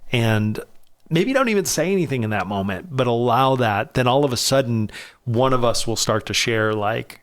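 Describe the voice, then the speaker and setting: A man co-hosting a podcast about marriage, earnest, rising in pitch when he quotes himself. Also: animated, normal speed. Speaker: podcast co-host. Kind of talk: casual marriage chat.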